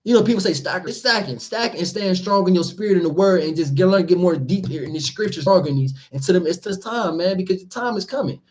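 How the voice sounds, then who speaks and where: A man casually explaining scripture, animated and laughing, acting out the people he talks about. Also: sits high, quick pace, hardly any pauses. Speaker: teacher leading scripture study.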